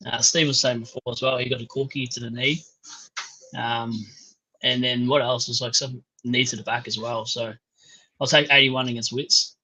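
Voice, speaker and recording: An Australian man co-hosting a live stream, easygoing and quick with banter. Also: mid-range voice, little pitch movement, pushed and bright, poor audio. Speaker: co-host. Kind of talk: casual live stream chat.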